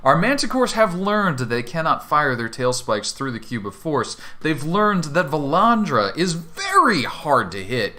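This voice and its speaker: Upbeat male game master, bright tone, very lively delivery, playful narration. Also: a little high, measured pace, few pauses. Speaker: dungeon master. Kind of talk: running a tabletop game.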